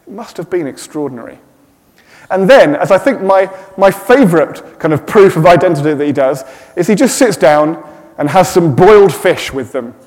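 A man's voice: high-pitched, animated, moderate pace. A middle-aged man preaching a sermon in a slightly raised voice. His talk is easygoing and dotted with self-deprecating jokes. The sound carries the long echo of a church hall. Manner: warm, self-deprecating humour.

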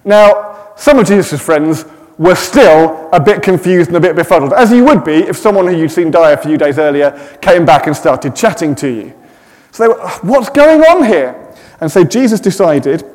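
Preacher in an echoey church hall. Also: male voice, a little high, expressive, normal speed. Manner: warm, self-deprecating humour. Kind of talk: sermon.

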